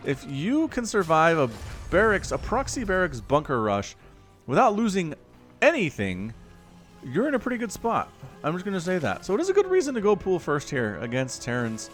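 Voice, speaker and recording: Casting a strategy game match solo, this esports caster chats straight to his viewers as he explains the play. His voice is high with huge pitch swings, fairly bright, at normal speed, and faint music plays behind him.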